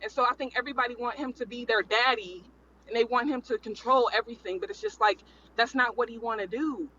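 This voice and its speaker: A man's voice: very high voice, fast talker, bright, forceful tone, dull audio, slight background noise. A man in a casual panel chat, talking in a rambling, emphatic way and repeating his points.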